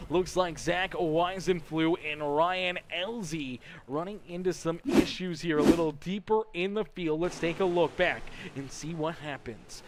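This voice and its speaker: Excitable male play-by-play race commentator. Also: on the high side, a little hiss or hum. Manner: excitable lead calls, rising loud on passes and flags; chatty aside reading viewer comments. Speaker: race commentator for a sim racing league stream.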